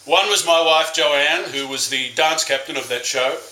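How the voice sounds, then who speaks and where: An Australian man gives a best man's speech in an echoey wedding reception room, sharing fond stories laced with wry jokes. His voice sits on the high side, bright and forceful, at a moderate pace, with slight background noise.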